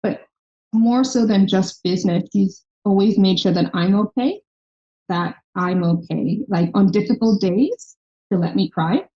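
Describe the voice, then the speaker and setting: A woman from Ireland tells her story in an animated way, slipping into the voices of the people she quotes. Her tone is mellow and warm. The recording sounds slightly dull and lo-fi. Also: medium pitch, normal speed. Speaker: startup founder and podcast guest. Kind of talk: conversational interview.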